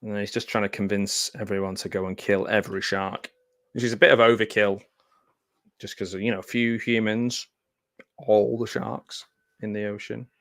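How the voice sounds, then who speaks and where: Male host, lowish voice, dead-dry close mic, chatty sardonic movie commentary. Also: little pitch movement, moderate pace, fairly bright tone, dry recording. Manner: chatty, sardonic asides with frequent filler ums. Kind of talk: casual live movie commentary. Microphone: close mic in front of a green screen.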